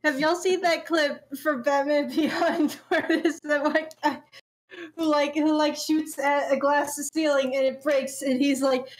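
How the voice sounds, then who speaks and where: A woman's voice: sits high, steady tone, unhurried. A woman in a casual podcast chat, teasing and giggling.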